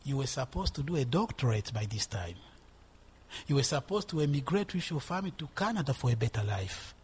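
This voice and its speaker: A preacher voicing a nagging, accusing inner voice. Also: male voice, medium pitch, very animated, a little fast, slight background noise, voice pushed down, lightly acted. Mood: reproachful.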